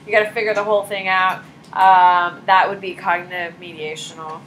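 A bright-voiced woman teaching a class in a loose, chatty way, drifting into stories and filling her talk with "like." Her lecture is casual and conversational, with faint noise behind her in the classroom recording. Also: lowish voice, little pitch movement, moderate pace, poor audio. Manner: chatty, storytelling, full of "like" and asides.

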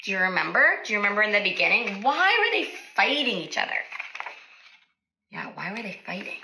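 A woman speech-language therapist reading a picture book aloud to children, animated and stopping to ask questions. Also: mid-range voice, a little fast, background noise.

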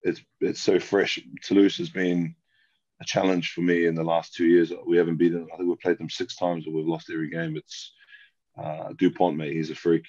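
A man's voice: low-pitched, little pitch movement, moderate pace, darkish tone, dry recording. A laid-back Australian man in his thirties, a rugby player guest chatting casually on a podcast, rambling and calling everyone mate. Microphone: remote call. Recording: dull lo-fi call audio.

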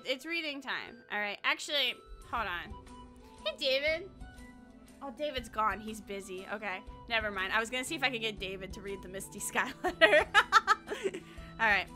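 A woman's voice: fairly high pitch, bright, forceful tone. A woman VTuber streaming a game, chatting crudely with lots of giggles and reading text aloud. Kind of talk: casual livestream chat with reading aloud.

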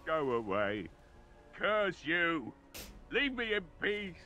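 An actor playing a frightened, resentful shopkeeper in a video game, speaking curtly. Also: male voice, a little high, very animated, slow, loud music behind the voice. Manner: curt, resentful. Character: frightened, bitter male shopkeeper.

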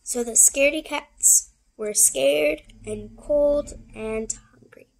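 A woman reading a children's picture book aloud, expressive and unhurried, with asides to listeners. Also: high voice, gravelly, slight background noise. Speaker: storybook reader.

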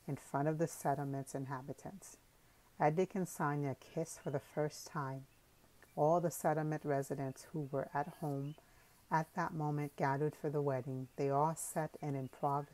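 Low-voiced woman narrating an audiobook. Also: fairly even intonation, moderate pace, darkish tone. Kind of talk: scripted narration.

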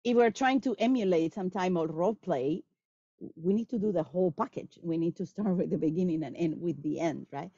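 A woman answers audience questions about teaching languages, her voice sitting a little low. She talks in an animated way and slips into quoted lines from students. The sound is dry and a bit dull, like a lo-fi recording. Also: brisk, no echo. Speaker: guest speaker on language teaching. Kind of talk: lecture Q&A answer.

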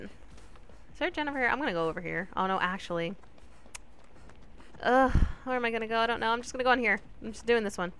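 Bright-voiced woman chatting over a game. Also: fairly high pitch, fast talker, pauses often, clear, resonant tone. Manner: chatty, talks to teammates and the killer, sudden excited yelps. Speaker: gaming streamer. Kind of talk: casual gameplay commentary.

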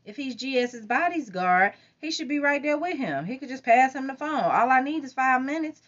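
Woman doing a pushy scheming young girl, high bright voice, lo-fi audiobook sound. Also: lively intonation. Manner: pushy, scheming, quick to snap. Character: bold defiant young woman, the teenage heroine. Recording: dull lo-fi recording.

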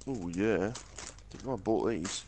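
A man's voice: lowish voice, measured pace, background noise. A man chatting in a rambling way during an online game, often with his mouth full, on a headset. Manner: rambling, talks while eating snacks. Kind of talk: casual gaming chat.

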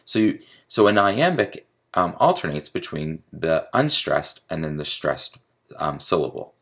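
Male writing instructor, deep and gravelly, explanatory lecture delivery. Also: fairly bright tone. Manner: explanatory, chants stress patterns aloud. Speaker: creative writing teacher. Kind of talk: recorded video lecture.

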